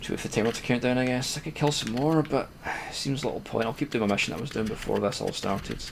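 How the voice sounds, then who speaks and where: A man's voice: mid-range voice, fast talker, creaky, noisy background. A Scottish man streaming a video game, commenting casually in a dry, self-deprecating way. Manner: dry, self-deprecating, reads quest text aloud. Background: game music.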